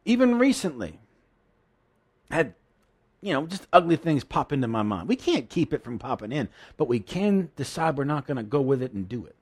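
A man's voice: medium pitch, sing-song, normal speed, a little mellow, husky. A man preaching a sermon in an earnest, emotional way, often restarting his sentences.

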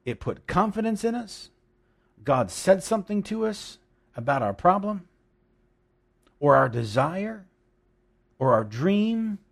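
A man's voice: sits high, sing-song, slow pace, creaky, pauses often. A man preaching a sermon, reading scripture and explaining it emphatically, with jokes and asides.

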